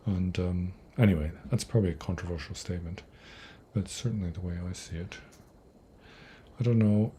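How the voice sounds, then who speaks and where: A man's voice: low-pitched, fairly quick, long pauses, mellow, a little hiss or hum. A man teaching Buddhism on a livestream Q&A, answering viewer questions in a conversational, digressive way, often restarting his sentences. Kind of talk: livestream Q&A talk.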